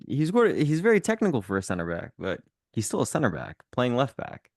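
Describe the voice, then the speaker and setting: A man's voice: medium pitch, huge pitch swings, brisk, dry recording, studio quality. A man co-hosting a football podcast, chatting casually and teasing his co-host. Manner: teasing, joking.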